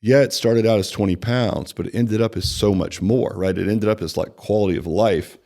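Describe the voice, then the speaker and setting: A man with a lowish voice coaches staff on the sales conversation in an easy, talky way. He acts out both sides of the client meeting with animated shifts and keeps checking in with a quick "right?". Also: creaky. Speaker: personal training franchise executive. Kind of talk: conversational sales training talk.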